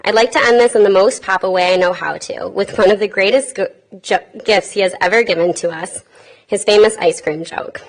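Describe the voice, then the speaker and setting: A woman in her twenties, a granddaughter, reading a heartfelt eulogy with tender warmth and touches of light humor in a funeral chapel. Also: mid-range voice, fairly quick, rough recording. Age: 20s. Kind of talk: read eulogy.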